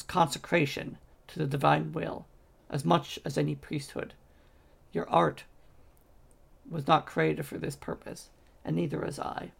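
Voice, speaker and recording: A man's voice: a little high, vocal fry, husky, heavily acted. A man voicing a female angel of vengeance who speaks in an earnest, pleading way.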